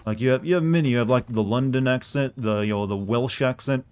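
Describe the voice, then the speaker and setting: A man's voice: medium pitch, brisk, darkish tone, clear, resonant tone. An American man giving casual, rambling commentary while streaming a video game, self-deprecating and full of restarts. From United States.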